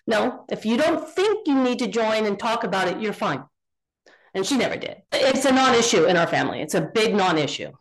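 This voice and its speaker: A woman's voice: fairly high pitch, fairly quick, poor audio. A middle-aged woman, a guest on an interview show, telling family stories casually and acting out the dialogue. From Northern California. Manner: animated storyteller, acts out quoted dialogue. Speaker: guest, contractor.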